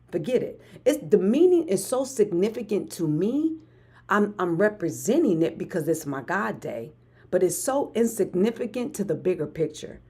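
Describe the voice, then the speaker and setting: A woman in her forties with a husky, low-set voice hosts a motivational live stream over a phone mic. She talks with big energy and hammers her points by saying them again and again, and her tone stays mellow and warm underneath the hype. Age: 40s. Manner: energetic, repeats phrases for emphasis. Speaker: motivational livestream host.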